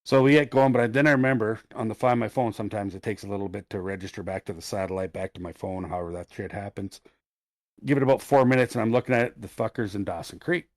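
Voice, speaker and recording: A man's voice: fairly low pitch, fast talker, dry recording, studio quality. Profane man telling a story. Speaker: podcast co-host. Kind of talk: casual storytelling chat.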